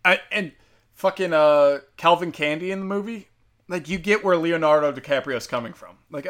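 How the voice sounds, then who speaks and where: Bright-voiced ranting young man. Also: fairly high pitch, moderate pace. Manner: heated, sarcastic, profane, full of fillers. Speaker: commentary host. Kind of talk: casual profane rant.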